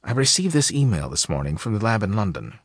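A male audiobook narrator voicing a nervous woman scientist who speaks quietly and hesitantly. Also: lowish voice, sing-song, fast, slightly rough, no room sound, studio quality. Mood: uneasy. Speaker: storybook character in an audiobook.

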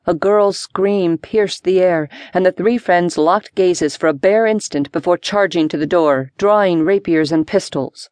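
A woman narrating an adventure audiobook in a steady, measured storytelling manner. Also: fairly low pitch, dry recording. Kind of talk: scripted narration.

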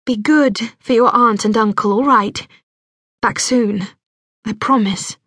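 A woman narrator voicing a young woman who is a caring, cheerful big sister, bright and reassuring in tone. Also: on the high side, slow pace, no room sound, studio quality. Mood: tender.

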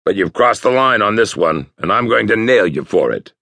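A man's voice: fairly low pitch, lively intonation, normal speed, bright, forceful tone, breathy edge, no echo, pitched above the performer's own voice, exaggerated voice. Brief: hard-edged detective chief, barking orders, read by a male narrator, dry close sound. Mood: harsh. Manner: harsh, commanding.

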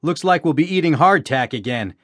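A man voicing a calm, measured Union captain who speaks matter-of-factly. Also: a little high, no echo. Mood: resigned.

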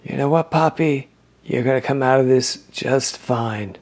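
A male narrator voices a gentle, quiet man who speaks tenderly to his partner. The voice stays in a middle pitch. The pace is slow and hushed. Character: calm gentle male partner, a ghostly visitor.

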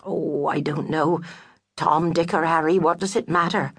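A woman's voice: low voice, steady tone, measured pace, husky, dry recording, clean studio sound, exaggerated voice. A woman doing a gloomy widowed mother mouse. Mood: resigned. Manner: sighing, self-pitying, homely turns of phrase.

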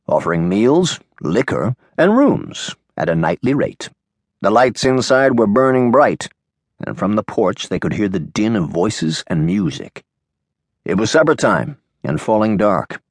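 Low-voiced male audiobook narrator. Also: no room sound, clean studio sound. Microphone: studio microphone.

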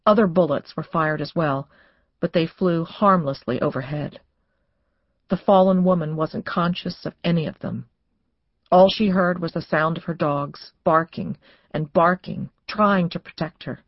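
A woman reading a suspense novel as audiobook narrator, in measured, tense storytelling. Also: on the low side, no room sound, dull audio. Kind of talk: scripted narration.

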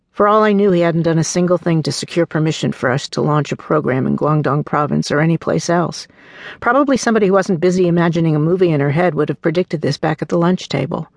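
A woman narrating her own memoir as an audiobook, telling the story in an earnest, warm way and voicing the people in it. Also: low-pitched, gravelly, dry recording, studio quality.

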